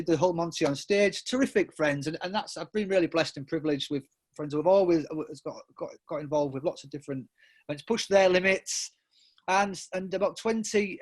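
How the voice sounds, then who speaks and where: High-voiced man telling rambling stories. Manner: rambling, self-interrupting with many restarts and fillers; jokey and laughs often. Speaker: podcast guest. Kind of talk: casual storytelling interview.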